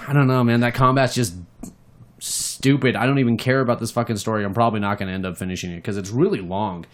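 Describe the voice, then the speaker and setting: A man's voice: mid-range voice, quick pace. A man co-hosting a gaming podcast, chatting casually and ranting with plenty of swearing. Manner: animated and profane, ranting about games. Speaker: podcast co-host. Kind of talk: casual chat.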